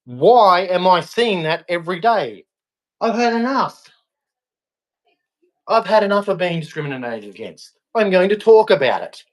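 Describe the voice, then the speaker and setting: A man's voice: high-pitched, very animated, measured pace. An angry young Australian man in a heated, repetitive rant aimed at a politician. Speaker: vlogger.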